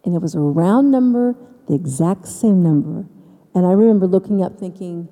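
A woman telling her personal faith story to an audience, with dramatic pauses and emphasis. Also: on the low side, mellow, big-room sound. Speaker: speaker giving faith testimony. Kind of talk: personal testimony speech.

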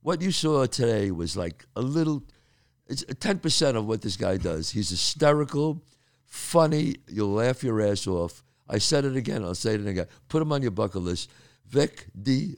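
Gravelly older New man hosting. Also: medium pitch, moderate pace, no echo, clean studio sound. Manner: animated storyteller, swears freely. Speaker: podcast host. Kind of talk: casual chat.

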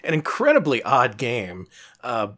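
A man's voice: medium pitch, wildly swooping pitch, unhurried, a bit bright. A man co-hosting a casual podcast about retro games, explaining things in a wry, chatty way and laughing often. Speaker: podcast co-host.

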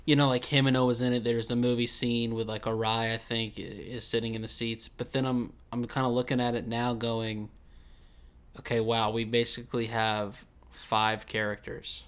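A man's voice: medium pitch, flat delivery, fairly quick, few pauses, clean tone. A young man co-hosting a podcast, chatting about an anime in a laid-back, rambling way and laughing often. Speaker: podcast co-host. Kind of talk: casual chat about an anime.

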